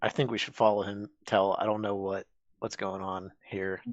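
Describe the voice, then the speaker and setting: Man, tabletop player, hesitant, low pitch, dull lo-fi audio. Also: level tone, normal speed, dry recording. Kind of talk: casual tabletop play.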